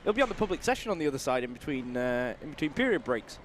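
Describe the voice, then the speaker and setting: A man's voice: medium pitch, very animated, fast talker, a little hiss or hum. A man calling live ice hockey play-by-play from the gantry, teasing his colleagues dryly. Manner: dry teasing banter. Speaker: play-by-play commentator. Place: commentary gantry at an ice rink.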